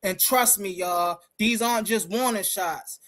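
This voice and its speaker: A woman's voice: medium pitch, unhurried, fairly bright tone. A woman hosting a live-stream commentary, talking in an emphatic, combative way and speaking straight to her listeners. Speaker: host.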